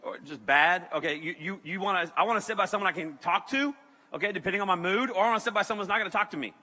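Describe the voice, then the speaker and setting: A man giving a comic, animated sermon story with sudden shouted bursts and laughter. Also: high voice, rapid-fire, big-room sound. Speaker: youth speaker.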